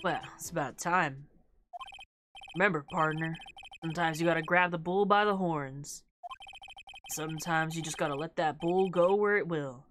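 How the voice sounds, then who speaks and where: A woman's voice: deep voice, normal speed, long pauses, a bit bright, soft background music. A woman voicing a laid-back male cowboy detective with a put-on Southern drawl. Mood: folksy. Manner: folksy drawl.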